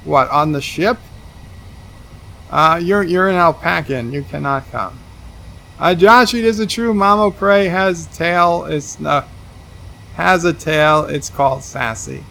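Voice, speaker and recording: A man's voice: on the high side, unhurried, vocal fry, pushed and bright. A man streaming a game, reading chat messages aloud and answering them with dry asides. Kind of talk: casual livestream commentary.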